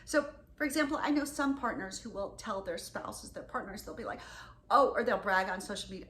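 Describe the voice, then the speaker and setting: A woman giving candid relationship advice straight to camera, with loud bursts of emphasis and soft, dropped asides. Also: mid-range voice, lively intonation, a little fast, roomy sound, slight background noise. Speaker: relationship coach. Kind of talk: direct-to-camera advice talk.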